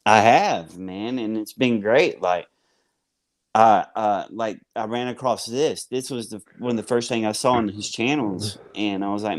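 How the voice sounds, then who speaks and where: Sharing his recovery story as a guest, this Southern US man speaks in a lowish, unhurried voice. His telling is casual and rambling, heavy on fillers like "man" and sprinkled with "y'all."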